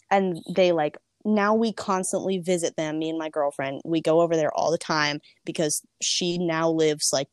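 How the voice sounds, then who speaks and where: Chatty young woman, fast and lively. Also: deep voice, dry recording, clean studio sound. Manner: chatty, frequent "like" fillers; lively, acts out quotes. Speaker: storyteller. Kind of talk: personal storytelling.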